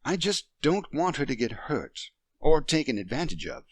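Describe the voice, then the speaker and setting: A man voicing a poised French wife near fifty, patient and gently reasoning with her husband. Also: on the high side, very animated, moderate pace, no room sound, voice pushed up. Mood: soothing.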